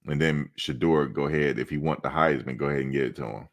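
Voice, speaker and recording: Man with a very deep voice. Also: fast talker. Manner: playful, animated, joking, slangy; repeats himself for emphasis. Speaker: host of a college football fan show. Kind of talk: casual fan commentary.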